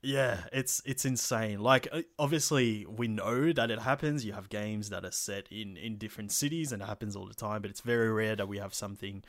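A man's voice: on the low side, fairly quick, few pauses, a bit bright, dry recording, clean studio sound. A man, telling a story in a casual podcast chat, full of fillers and swearing. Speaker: podcast co-host.

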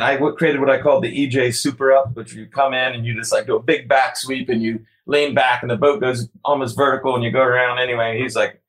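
A man's voice: mid-range voice, fairly even intonation, fairly quick, a bit bright, poor audio. A man, a kayaker, talking casually as an interview guest, rambling with many restarts and frequent laughs. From United States.

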